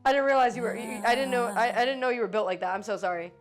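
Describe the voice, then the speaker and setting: Woman streamer, casual live chat, quick to swear and quick to apologize, voice sitting a bit high. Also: faint music behind. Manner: swears freely, jumps between joking and apologizing.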